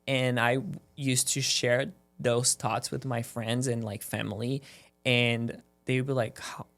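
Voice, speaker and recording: On a casual podcast, a male esthetician guest talks earnestly and motivationally, rambling with plenty of "like"s. His mid-range voice is level in tone, a little slow and a bit bright.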